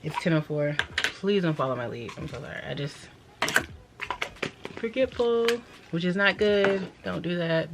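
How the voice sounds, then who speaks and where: A woman's voice: lowish voice, lively intonation, normal speed. A young woman vlogging casually to a camera propped up at home, chatty, scattered and apologetic as she talks. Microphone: camera propped up nearby. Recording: noisy home recording.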